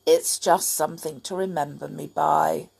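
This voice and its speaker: A woman voicing an excitable, reformed little male storybook character, eager and breathless. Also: sits low, moderate pace, vocal fry, husky, voice pushed down, full character voice. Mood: kindly.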